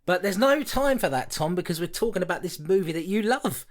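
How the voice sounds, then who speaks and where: A man's voice: high-pitched, animated, a little fast, crowd noise. Teasing man reviewing films. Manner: teasing, sarcastic, exasperated. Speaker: podcast co-host. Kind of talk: casual film review chat.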